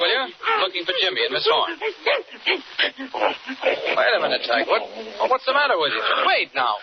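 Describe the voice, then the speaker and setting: A man's voice: very high voice, full character voice. An actor playing a heroic, commanding man calling out urgently in a 1940s radio drama, on an old recording. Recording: muffled old radio with crowd noise.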